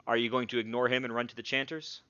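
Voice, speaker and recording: Smooth-voiced man running a tabletop game. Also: medium pitch, dry recording. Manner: relaxed, halting narration with frequent fillers. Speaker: game master. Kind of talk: narrating a tabletop game on a live stream. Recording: dull, lo-fi stream audio.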